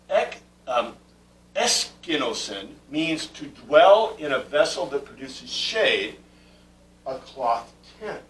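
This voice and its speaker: A man's voice: a little high, a bit bright, slight background noise. A man teaching a Bible class, lecturing conversationally with fillers and restarts and putting questions to his students. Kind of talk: classroom lecture on Greek word meanings. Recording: echoey room, mic far from the speaker.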